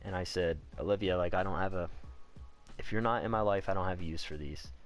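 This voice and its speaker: A young man with a lowish voice tells a personal story in a relaxed storytime vlog. He talks candidly and rambles, swearing freely and saying "like" a lot. Faint music plays behind him. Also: a little fast. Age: young adult. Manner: candid, profane, rambling, heavy on "like".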